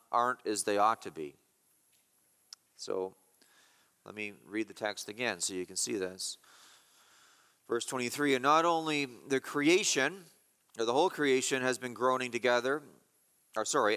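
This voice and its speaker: A man preaching an expository sermon as a pastor, emphatic and repeating key phrases slowly. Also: mid-range voice, sharp tone, long reverb tail.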